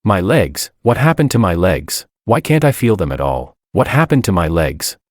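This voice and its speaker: Guy doing a furious spoiled wife, shrill and sneering, pitch swings all over, dry sound. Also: very animated, moderate pace, no echo. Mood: anguished. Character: bitter disabled young wife, selfish and furious.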